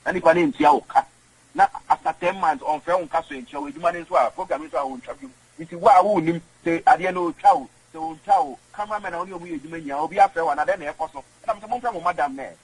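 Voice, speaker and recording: A man's voice: on the high side, quick pace, low-quality recording. A man with a Ghanaian accent, a guest in an interview, who rambles and repeats words. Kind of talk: conversational interview.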